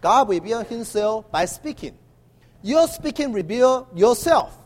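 Male preacher, high animated voice, long hall echo. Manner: halting with many uh fillers, emphatic call-and-response. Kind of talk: sermon.

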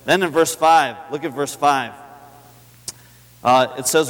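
A man's voice: a little high, fairly bright tone. Man preaching in an echoing hall. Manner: conversational, repeats key phrases for emphasis, reads scripture slowly. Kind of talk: sermon. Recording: long hall reverb.

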